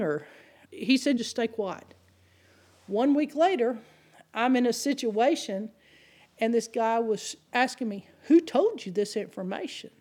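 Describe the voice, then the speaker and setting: A woman preaching a sermon, telling stories in an animated way and acting out the people she quotes. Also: a little high. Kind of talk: sermon with storytelling.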